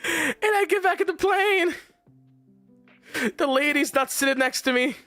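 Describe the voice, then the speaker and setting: A young man, a streamer, telling a story as a casual, exasperated rant full of swearing. He swings between his high voice and deep mock tones. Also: a little slow, pushed and bright, dry recording, faint music behind.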